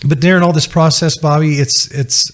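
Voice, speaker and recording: A man's voice: on the high side, steady tone, normal speed, a bit bright. Earnest man telling a faith story. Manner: earnest storyteller, retells talks line by line. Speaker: podcast guest. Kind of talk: personal faith testimony.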